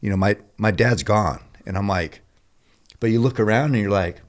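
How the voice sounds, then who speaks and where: A man as a podcast guest, speaking earnestly and haltingly as he searches for his words. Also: fairly low pitch. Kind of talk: casual conversation.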